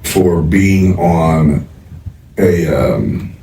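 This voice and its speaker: A man's voice: low voice, extremely slow, dark tone, reverberant, distant mic. A male podcast host telling a rambling anecdote in casual chat. He swears freely and laughs as he goes.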